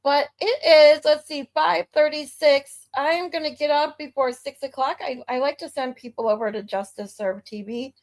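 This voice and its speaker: A woman's voice: high-pitched, moderate pace, few pauses. A woman from Michigan hosting a livestream, chatting casually and laughing easily. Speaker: livestream host. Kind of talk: casual chat.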